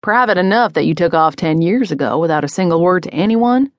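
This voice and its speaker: A woman narrator voicing a calm adult male police detective who presses gently and sounds sympathetic. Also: on the low side, fairly quick, no room sound, natural voice. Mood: coaxing.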